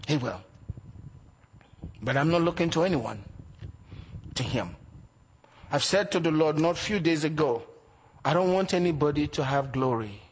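Against slight background noise, a pastor with a higher-than-average voice delivers a sermon full of rhetorical questions, moving between loud, emphatic passages and quiet asides.

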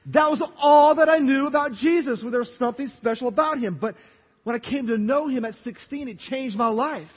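Pastor with a Louisiana accent, raised voice and husky tone; animated sermon, questions thrown to the congregation, dull audio with long reverb. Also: male voice, very high voice, a little fast. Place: church sanctuary.

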